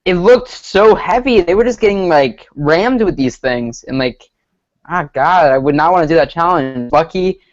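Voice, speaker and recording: A man's voice: a little high, lively intonation, normal speed, dull audio. A man co-hosting a casual TV recap chat, earnest and a bit hesitant as he explains. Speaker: podcast co-host.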